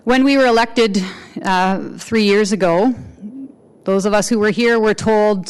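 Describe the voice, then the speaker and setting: Woman mayor giving a speech, earnest and measured, smooth clear voice, pauses a lot between phrases. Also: mid-range voice. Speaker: mayor giving an inaugural address. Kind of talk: formal public speech.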